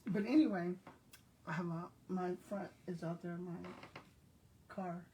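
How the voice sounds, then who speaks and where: A woman's voice: on the low side, measured pace, warm tone, slight background noise. Chatty older woman telling stories. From South Texas. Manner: chatty storyteller who talks straight to her viewers. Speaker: retired school principal vlogger. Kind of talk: casual chat.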